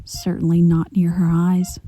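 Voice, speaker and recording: A woman reading a dark fan story aloud, measured and at times hushed to a whisper. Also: fairly low pitch, completely flat delivery. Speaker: narrator.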